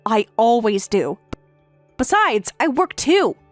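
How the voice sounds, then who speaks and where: A fairly high, sing-song synthetic woman's voice reads slowly, playing a tired young wife who defiantly answers back with firm, pointed replies. It's a text-to-speech story with no room sound and soft background music.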